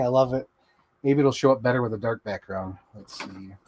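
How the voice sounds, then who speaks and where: A man hosting a toy unboxing show in casual chat, rambling excitedly and swearing freely. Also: mid-range voice, moderate pace.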